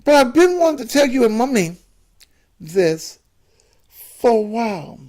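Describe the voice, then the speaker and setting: A man voicing a nervous young adult son who speaks in a high, breathy, pleading voice. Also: big pitch swings, measured pace, darkish tone, heavily acted.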